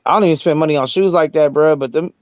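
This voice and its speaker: A man's voice: on the high side, fast talker, no echo. A man co-hosting a casual boxing talk show, in laid-back slangy banter. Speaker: podcast co-host. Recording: dry, dull lo-fi sound.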